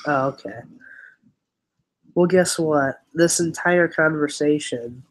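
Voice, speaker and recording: A man's voice: a little high, slow, rough recording. A young man hosting a casual livestream chat, rambling and giggly, often restarting his sentences. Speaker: livestream host.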